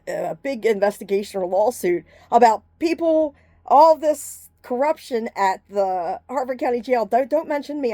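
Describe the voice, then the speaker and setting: A woman's voice: mid-range voice, a little mellow, dry recording. A woman giving a rambling, agitated rant straight to the camera, swearing freely and jumping from topic to topic in broken fragments. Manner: agitated, profane, jumps between topics; speaks in fragments with frequent restarts.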